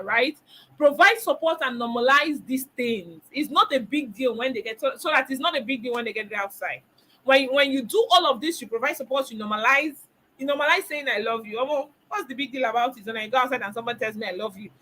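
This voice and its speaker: A woman's voice: high-pitched, animated, a little fast, bright, forceful tone, low-quality recording. A middle-aged woman teaching a parenting webinar, emphatic, repeating key phrases and asking rhetorical questions. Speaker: parenting coach.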